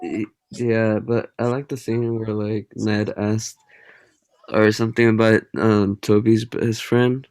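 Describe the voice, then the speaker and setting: A man's voice: fairly low pitch, flat delivery, takes it slowly, darkish tone, clear, resonant tone, poor audio. A young man co-hosting a casual podcast, talking hesitantly with many fillers. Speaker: podcast co-host. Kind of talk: casual chat.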